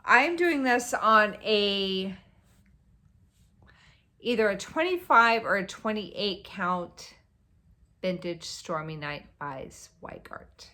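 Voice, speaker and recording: A woman vlogger chatting casually about her stitching projects, rambling and excitable, tired and yawning at times. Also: mid-range voice, slow, long pauses. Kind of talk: casual show-and-tell chat.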